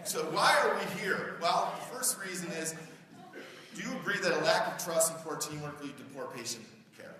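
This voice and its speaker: Speaking at a moderate pace with lively intonation, this middle-aged man delivers a conversational keynote in a big conference hall, frequently putting questions to the crowd. His voice is a little high, and the distant, echoey recording has background noise.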